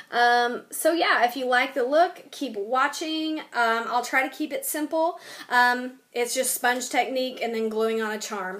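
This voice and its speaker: A young woman with a high, light voice chats her way through a nail tutorial at home. She fills her talk with ums and sounds a little tired. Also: a bit bright. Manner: chatty, filler-heavy with frequent ums. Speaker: beauty vlogger. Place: home, new place with boxes.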